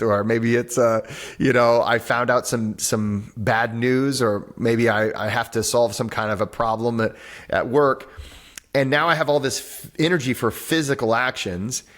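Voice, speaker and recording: A man, a breathwork teacher and author, talks as a podcast guest over a video call. He explains things with animated energy, acts out little voices and often restarts his sentences. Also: mid-range voice. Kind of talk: conversational interview on a podcast.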